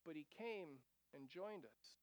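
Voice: mid-range voice, lively intonation, a little slow, dry recording. A preacher giving an earnest sermon, reading scripture aloud and breaking off for casual asides and repeated phrases.

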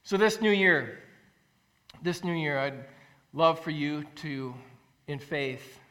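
A man preaching a sermon as pastor, earnest and animated, acting out quotes and repeating phrases for emphasis. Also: fairly high pitch, takes it slowly. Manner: animated storytelling, acts out quotes with rising voice.

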